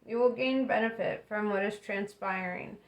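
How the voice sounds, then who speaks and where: A young woman talks her way through a casual tarot reading, loose and chatty, with plenty of fillers. Her voice sits at an ordinary middle pitch. She laughs often between the card readings. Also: moderate pace. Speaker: tarot reader.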